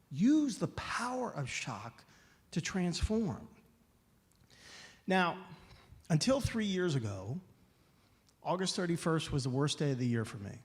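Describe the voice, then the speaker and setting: Guy preaching a personal story, kinda higher voice, acts out all the lines, long echo in the hall. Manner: storytelling, acts out dialogue, emphatic pleading. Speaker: guest speaker. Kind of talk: inspirational talk. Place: church sanctuary.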